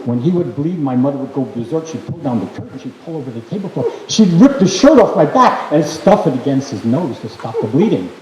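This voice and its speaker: A man performs a story live on stage, swinging his voice from low mutters to high outbursts. His tone is mellow and dark, with the sound ringing around a roomy hall. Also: a little fast, hardly any pauses. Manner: animated, theatrical.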